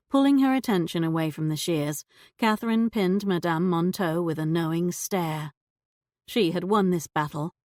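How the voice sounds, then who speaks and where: A woman's voice: on the low side, darkish tone, dry recording. Woman reading a mystery audiobook, dry. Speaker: audiobook narrator. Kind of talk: scripted audiobook narration.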